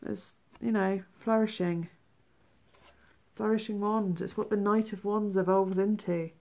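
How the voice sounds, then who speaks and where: A woman giving a tarot reading, animated, exclaiming and acting out feelings. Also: mid-range voice, a little slow, highs cut off. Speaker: tarot reader.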